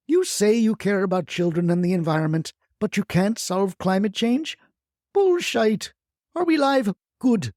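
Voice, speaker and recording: A woman's voice: mid-range voice, mellow, no echo, studio quality, lightly acted. A performer voicing a feisty retired grandmother who rants bluntly and swears as a crusader for solar panels. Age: older. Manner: brash, scolding, blunt swearing. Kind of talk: comic audio storytelling.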